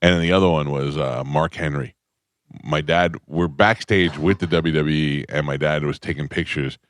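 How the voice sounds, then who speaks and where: Brief: low-voiced male radio host, rambling storyteller, dry studio sound. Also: fairly even intonation, moderate pace, no room sound. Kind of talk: casual morning radio chat. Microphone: studio microphone.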